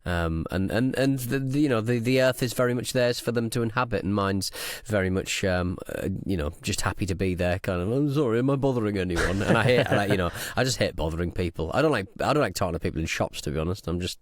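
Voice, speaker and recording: A man's voice: sits low, fast talker, few pauses, dry recording, clean studio sound. A man from England, co-hosting a podcast in casual chat, hesitant and self-deprecating, full of fillers and restarts. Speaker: podcast co-host.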